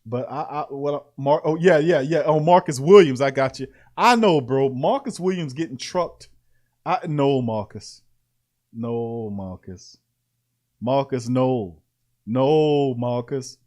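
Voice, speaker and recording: A man hosting a casual sports talk show, reading out practice notes and reacting with animated, laughing commentary. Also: medium pitch, slow. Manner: animated, laughing, repeating lines for emphasis.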